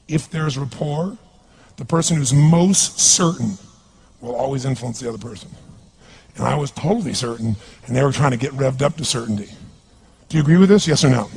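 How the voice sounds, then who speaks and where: Gravelly, intense male seminar speaker. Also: sits high, a little mellow, a little hiss or hum. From California. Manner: intense, commanding, calls for audience responses. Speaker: motivational speaker. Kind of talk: stage seminar speech.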